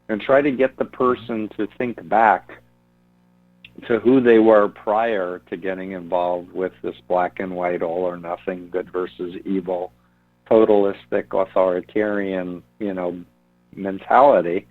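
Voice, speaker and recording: A man's voice: low-pitched, level tone, unhurried, no echo, soft background music. Man on a tinny phone line. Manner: earnest, explanatory, repeats words while searching. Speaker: author and guest. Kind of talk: radio interview answers.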